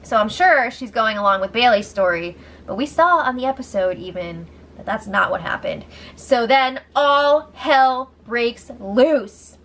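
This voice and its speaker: Excitable young woman recapping a show. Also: fairly high pitch, a little slow, few pauses, slight background noise. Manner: excitable, laughs a lot. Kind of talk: casual reality-show recap.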